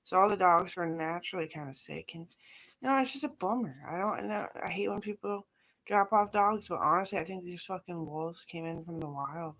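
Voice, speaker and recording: A middle-aged woman with a lowish voice, rambling through a casual vlog monologue. She swears often and trails off into scattered asides. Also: a little fast, a bit bright. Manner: profane, scattered, talks in run-on asides. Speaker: vlogger.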